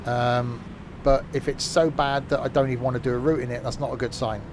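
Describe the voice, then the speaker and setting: A man streaming a driving game, chatting casually and rambling along with dry, dark humour. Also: medium pitch, little pitch movement, a little fast, noisy background. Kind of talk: casual gameplay commentary.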